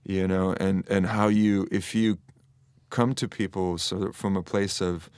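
Low-voiced man, earnest and reflective. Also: fairly even intonation, a little slow, a little mellow, smooth, no room sound. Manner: earnest and reflective, thinking aloud with restarts. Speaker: actor and interview guest. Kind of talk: casual interview chat.

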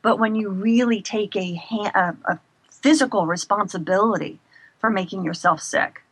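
Guest: middle-aged woman, slight vocal fry, dry close sound, lively storyteller. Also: medium pitch, normal speed, dry recording. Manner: animated, expressive storyteller. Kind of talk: casual interview chat.

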